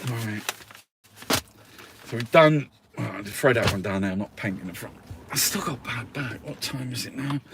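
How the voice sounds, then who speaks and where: A man's voice: mid-range voice, normal speed, long pauses, noisy background. A man reviewing the news in a casual, sarcastic rant, swearing and laughing often. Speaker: political commentator reviewing newspapers. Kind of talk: casual ranting newspaper review.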